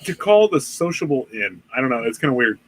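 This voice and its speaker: A man's voice: medium pitch, big pitch swings, a little fast, a bit bright. A man co-hosting a casual true-crime podcast, rambling and joking with lots of swearing and restarts. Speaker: podcast co-host.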